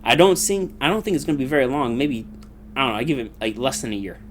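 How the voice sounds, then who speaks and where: A man's voice: mid-range voice, fast, slight background noise. A young man in a casual, profane political rant, rambling with lots of fillers and laughing between points. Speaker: commentator.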